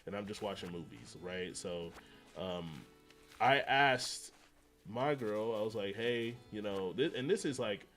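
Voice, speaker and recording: A man chatting casually on his gaming livestream, rambling and slangy and often excitable, with frequent laughter. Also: on the low side, unhurried, faint music behind.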